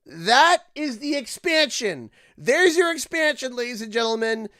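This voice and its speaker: A Canadian man streaming a game, ranting with sarcasm and bursts of shouting. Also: very high voice, very animated, a little slow, no echo, studio quality. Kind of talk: gaming livestream commentary.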